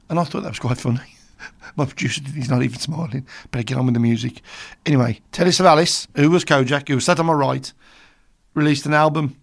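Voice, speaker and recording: A middle-aged man with a Birmingham accent hosts a radio show, talking casually and cracking jokes as he wanders through a story. His voice has a gravelly, fry-edged texture at an ordinary middle pitch. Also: fast talker. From England. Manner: chatty, jokey, rambling storyteller. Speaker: radio presenter.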